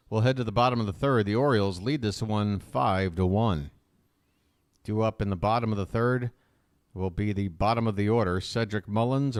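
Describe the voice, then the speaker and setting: A man calling live baseball play-by-play as a fan commentator, chatty and opinionated between pitches. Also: a little mellow, clear, resonant tone, dry recording, studio quality.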